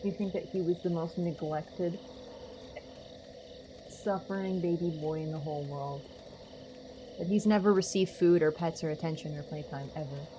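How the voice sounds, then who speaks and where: A woman's voice: lowish voice, steady tone, normal speed, long pauses, noisy background. A young woman livestreaming a game, chatting casually with a sarcastic, playful and teasing manner. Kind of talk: casual gaming livestream chat.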